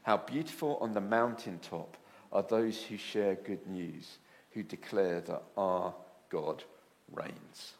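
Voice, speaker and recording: A man preaching a sermon, telling stories with lively asides. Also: on the low side. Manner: animated storytelling with acted asides.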